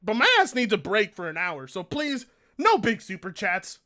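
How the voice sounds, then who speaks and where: During casual live-stream chat, a man reads out donations, swearing and groaning in pain in a whiny, exasperated manner. His high-pitched voice swings widely in pitch, sounding bright and forceful at a normal speed.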